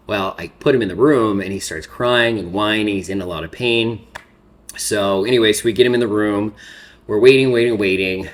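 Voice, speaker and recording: A man's voice: fairly low pitch, moderate pace. A man in his thirties telling a personal story in a rambling, filler-heavy way while doing his makeup, holding back tears. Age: 30s. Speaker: makeup vlogger. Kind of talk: casual get-ready-with-me chat.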